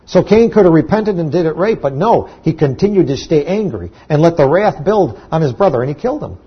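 A pastor delivers a sermon in a husky, raspy voice that sits a bit high for a man. He talks conversationally, stumbling into restarts and then climbing to emphatic peaks. The recording sounds dull and lo-fi. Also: expressive, fairly quick, hardly any pauses.

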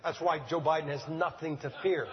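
A man's voice: on the high side, steady tone, a little fast, background noise. An older man preaching a folksy, joking sermon, firing rhetorical questions at his congregation. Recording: dull lo-fi sound, long church-hall reverb.

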